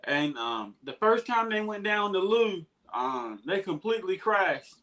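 Male streamer, high voice, rambling casual delivery over a laptop call. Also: very animated, unhurried, fairly bright tone. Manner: rambling, laughing, spicy-food aftermath. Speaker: YouTube channel host. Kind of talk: casual livestream chat. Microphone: laptop or tablet on a video call.

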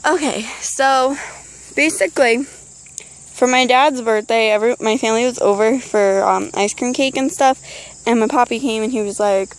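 A teenage girl vlogger chats casually outdoors beside an animal pen, rambling along with frequent ums. Her voice is fairly high at a moderate pace, and the recording is rough.

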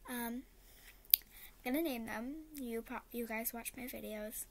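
A female video maker talking casually to her viewers in a soft, hushed, hesitant way, slipping into whispers now and then. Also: fairly high pitch, a little slow, a little hiss or hum. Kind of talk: casual spoken address to viewers.

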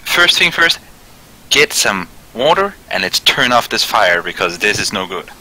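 A man's voice: on the low side, lively intonation, normal speed, bright, forceful tone, poor audio. A man playing a tabletop game, speaking sternly and sardonically in character. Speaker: player.

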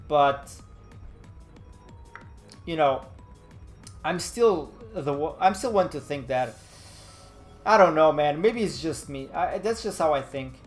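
A young man chatting casually on a live stream, rambling and laid-back, still a little nasal from a cold. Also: on the high side. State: slightly nasal from a fading cold.

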